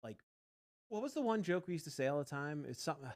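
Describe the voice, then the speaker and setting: A man's voice: a little high, sing-song, fast talker. A man hosting a podcast, chatting casually and rambling through old stories with a lot of laughter. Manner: rambling storyteller, laughs often. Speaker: podcast host. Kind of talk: casual chat.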